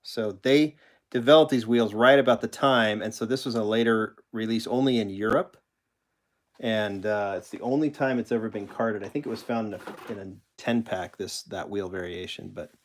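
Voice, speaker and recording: Male streamer, lowish voice, loose, rambling chat with frequent self-corrections. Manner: rambling, self-correcting, answers chat questions while showing toy cars. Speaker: host of a live collector stream. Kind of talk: casual live-stream chat.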